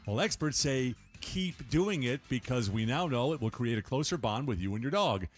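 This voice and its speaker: A man's voice: medium pitch, animated, normal speed, faint music behind. A man hosting a radio feature segment, presenting in a chatty style with playful asides. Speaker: radio show host.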